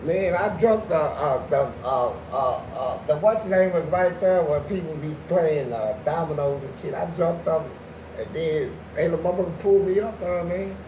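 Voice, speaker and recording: Animated profane man telling stories. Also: a little high, normal speed. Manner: animated, jumps into loud acted-out quotes. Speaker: podcast guest. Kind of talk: profane prison storytelling. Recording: echoey room with background noise.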